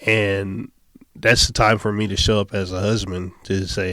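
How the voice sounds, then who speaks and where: A man telling his story as a podcast guest in casual conversation, easygoing and quick to laugh. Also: lowish voice, level tone, a bit bright, no echo.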